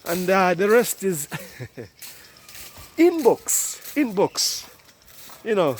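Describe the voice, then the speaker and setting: A man's voice: sits high, big pitch swings, drawn-out words, pauses often, slightly rough. A man with a Ugandan accent talking casually to camera outdoors in cold weather, chatty and mixing English with Luganda. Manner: chatty, switching between English and Luganda, laughing asides. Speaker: vlogger. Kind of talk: casual vlog monologue.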